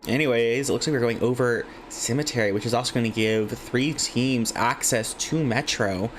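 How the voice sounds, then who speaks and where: A man's voice: medium pitch, moderate pace, slight background noise. A man casting a live online game tournament from his home desk, calling kills and standings in a casual, chatty way with frequent swearing. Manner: casual, swearing, chatty asides between play calls. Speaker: esports caster.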